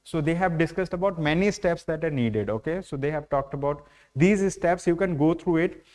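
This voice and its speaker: Indian english man, current affairs teacher, explanatory lecture, many fillers, slightly high voice. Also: normal speed, darkish tone. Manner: explanatory, heavy use of fillers like "you know". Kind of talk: online exam-prep lecture.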